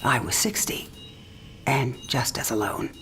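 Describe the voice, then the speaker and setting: A woman's voice: rumbling low, unhurried, fairly bright tone, whispered, soft background music, heavily acted. An actress playing a dying old woman who talks frankly, teasing and tender by turns. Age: older. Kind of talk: game cinematic voice acting.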